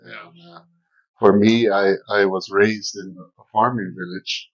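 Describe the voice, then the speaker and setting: A man in his fifties from the Zuni area, talking in a casual interview outdoors, slow and hesitant with many fillers. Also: lowish voice, steady tone, dull audio. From New Mexico, Zuni area. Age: 50s. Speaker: guest, cultural guide. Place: outdoors at an old village site.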